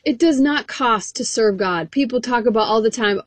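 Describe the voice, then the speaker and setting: A woman's voice: fairly high pitch, moderate pace, hardly any pauses, dry recording. A woman preaching an encouraging sermon, reading scripture verses aloud in an earnest way.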